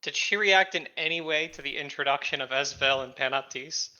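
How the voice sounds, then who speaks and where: A man's voice: fairly high pitch, fairly quick, pushed and bright, highs cut off, slight background noise. A man playing a tabletop game, talking casually, loose and swearing freely. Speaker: player.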